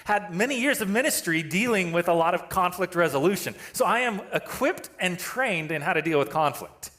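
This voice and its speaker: A man's voice: high-pitched, animated, a little fast, a bit bright. A male pastor preaching a sermon, telling a story with self-deprecating humor and laughing at himself. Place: church sanctuary.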